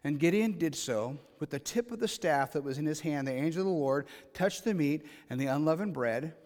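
A man with a high-pitched voice preaches a sermon, moving between reading scripture and acting out the dialogue in everyday terms. His voice rings out with a long reverb, as if filling a church sanctuary. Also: a little fast. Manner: animated preaching, reads scripture aloud and acts out paraphrased dialogue. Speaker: pastor.

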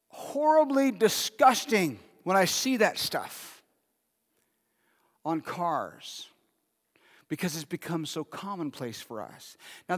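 A pastor with a high-sitting, somewhat bright voice preaches a sermon, talking conversationally and putting questions to the congregation. The recording carries a long hall reverb.

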